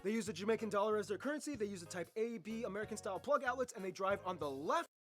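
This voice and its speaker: A man hosting a geography show, giving brisk, jokey scripted educational narration. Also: sits high, lively intonation, fairly bright tone, soft background music.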